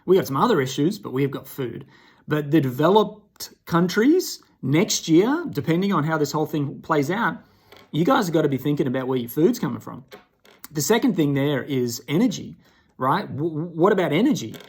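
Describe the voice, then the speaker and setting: A man's voice: a little high, very animated, moderate pace, breathy edge. Man rambling to camera, emphatic. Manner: rambling, asks the viewer "right?" often. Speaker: vlogger. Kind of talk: casual talk to camera.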